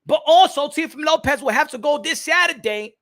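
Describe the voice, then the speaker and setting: A man hosting a boxing channel live stream, ranting in an animated, profane way with frequent restarts and rhetorical questions. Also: extremely high pitch, brisk.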